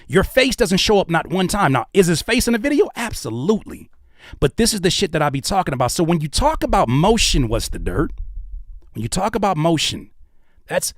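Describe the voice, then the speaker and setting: A man's voice: high voice, no echo, studio quality. A man in his thirties giving heated, preachy reaction commentary on video clips, swearing freely.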